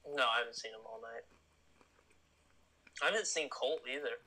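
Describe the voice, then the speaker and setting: A man's voice: mid-range voice, normal speed, bright, forceful tone. A man chatting and teasing the host during a casual livestream.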